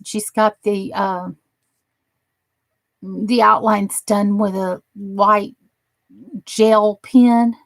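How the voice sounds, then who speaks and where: A woman's voice: medium pitch, little pitch movement, very slow, pauses often, no room sound. A woman hosting a casual crafting live stream, chatting with viewers and gushing over the crafts she shows. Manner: gushing and admiring, chatty asides.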